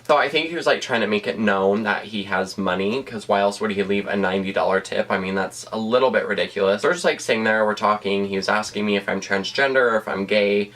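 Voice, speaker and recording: A man from Utah telling a storytime vlog, rambling and animated, heavy on fillers and swearing. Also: fairly low pitch, quick pace, hardly any pauses. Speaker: vlogger.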